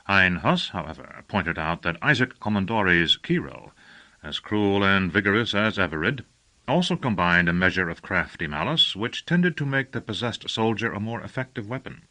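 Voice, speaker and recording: Bright, low-voiced male audiobook narrator. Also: sing-song, moderate pace. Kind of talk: scripted narration.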